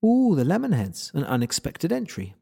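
A man voicing a young woman who speaks in a cool, deadpan way and teases her friend. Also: on the high side, moderate pace, gravelly, breathy edge, voice pushed up, exaggerated voice. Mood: teasing.

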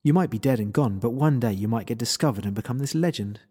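A man voicing a young woman who speaks in a cool, deadpan way and teases her friend. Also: medium pitch, fast talker, breathy edge, lightly acted. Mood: teasing.

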